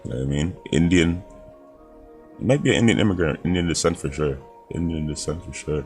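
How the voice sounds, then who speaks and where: A man's voice: extremely low pitch, brisk, soft background music. A man hosting a reaction video, blunt and profane. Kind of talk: casual reaction commentary.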